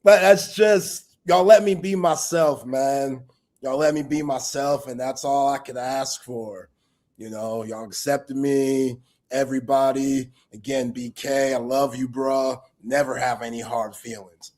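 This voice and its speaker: The host of a sports talk livestream speaks in a mid-range, darkish voice with a steady tone and measured pace. He rambles in a loose, sincere way, leaning heavily on street slang during the casual chat.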